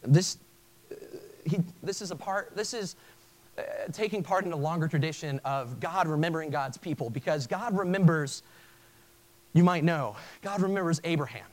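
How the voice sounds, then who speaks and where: A man's voice: on the high side, moderate pace, rough recording. A male pastor preaching a sermon in an earnest way, often stopping and restarting his phrases. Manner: earnest, with frequent stammered restarts.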